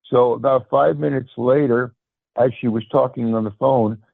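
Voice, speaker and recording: A man's voice: medium pitch, steady tone, normal speed, dry recording. A man calling in, hesitantly telling a personal story and often restarting his words. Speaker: caller. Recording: phone line, dry and gravelly.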